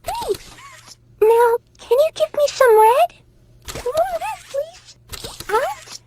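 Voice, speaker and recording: A woman's voice: extremely high pitch, sing-song, very slow, heavily acted. A woman voicing a fussy young female unicorn who demands paint colors. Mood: demanding. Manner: demanding, suspicious, loud. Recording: loud background noise.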